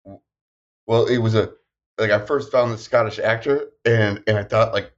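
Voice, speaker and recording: A man co-hosting a podcast in casual chat, animated and self-deprecating. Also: lowish voice, normal speed. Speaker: podcast co-host. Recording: dull lo-fi sound.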